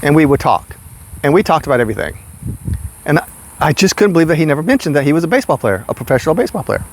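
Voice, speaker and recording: A man in his sixties telling casual, rambling stories about his past work, getting animated as he goes. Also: racing, slight background noise. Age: 60s. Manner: animated, rambling, jumps high when quoting himself. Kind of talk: casual storytelling.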